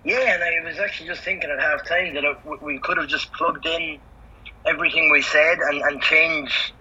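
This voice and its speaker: Halting, bright-voiced man on a lo-fi line. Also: on the high side, fairly even intonation, slight background noise. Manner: halting, thinks aloud with many restarts. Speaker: podcast co-host and analyst. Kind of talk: sports talk podcast chat.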